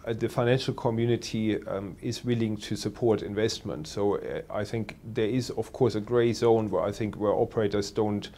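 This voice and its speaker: A man working as a telecoms analyst, answering interview questions in a measured way with many pauses and fillers. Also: on the low side, fairly even intonation, mellow.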